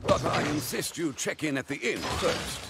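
A gravelly, formal magistrate. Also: male voice, on the high side, sing-song, loud music behind the voice. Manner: formal, commanding, measured. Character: stern, formal male town magistrate. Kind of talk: video game character dialogue.

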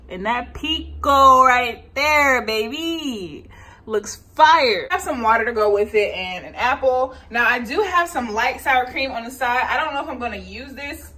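A young woman athlete talking viewers through cooking a meal in her home kitchen. She chats in a relaxed, slangy way and speaks straight to the camera. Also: mid-range voice, rough recording. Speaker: vlogger and athlete. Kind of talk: casual cooking vlog narration. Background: faint frying and sizzling.

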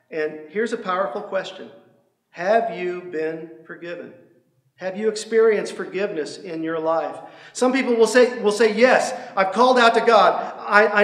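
Middle-aged male pastor, fairly high voice, earnest sermon delivery, echoey room. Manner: earnest preaching, acts out quoted prayers and speakers. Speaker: senior pastor.

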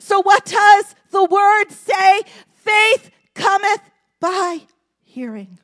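A woman pastor preaching a sermon in a church, moving from hushed, intimate lines to shouted, passionate exclamations. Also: extremely high pitch, animated, takes it slowly. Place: church sanctuary.

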